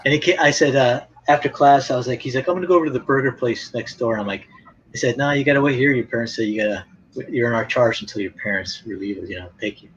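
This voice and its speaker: A man's voice: mid-range voice, steady tone, quick pace. A man tells stories in a loose, rambling way, laughing often and acting out the people he quotes. He talks in an easy, casual chat. The sound is dull and lo-fi, with a faint hiss behind him. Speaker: former art teacher.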